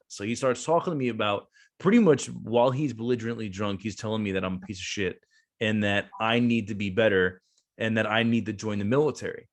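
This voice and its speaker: Man, around thirty, guest storyteller, somewhat low voice, rambling, fillers and restarts. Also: a little fast. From New Jersey. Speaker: guest, veteran business owner. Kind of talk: casual storytelling.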